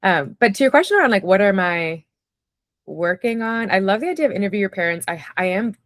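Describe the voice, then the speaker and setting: A woman's voice: mid-range voice, animated, a little fast, no room sound, clean studio sound. A woman telling personal stories in a casual conversation, reflective and chatty, with many fillers. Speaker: podcast guest, writer.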